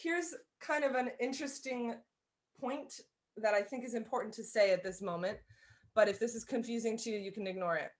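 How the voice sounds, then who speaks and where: A woman teaches a live online fiddle lesson, explaining bowing step by step in an encouraging way and singing out the rhythms. Her voice is fairly high and brisk, with violin playing in the background.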